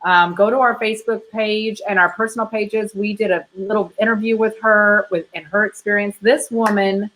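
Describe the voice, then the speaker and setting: A woman's voice: medium pitch, fairly even intonation, moderate pace, few pauses, a bit bright, a little hiss or hum, rough recording. A woman hosting a casual live chat about her event, gushing with praise and swearing freely. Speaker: event organizer and host. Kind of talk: casual conversation, live stream.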